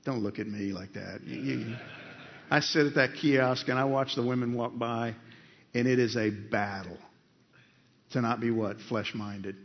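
A man's voice: mid-range voice, steady tone, a little slow. A male pastor preaching a conversational sermon in a church, asking the congregation questions as he goes. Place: church sanctuary. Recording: dull sound with long hall reverb.

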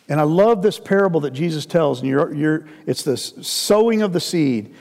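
A man's voice: on the high side, moderate pace, vocal fry, hardly any pauses. A middle-aged man preaching a sermon, telling stories animatedly and acting out the people he quotes. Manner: animated storyteller, acts out quoted voices. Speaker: pastor. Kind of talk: sermon with storytelling. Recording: reverberant hall.

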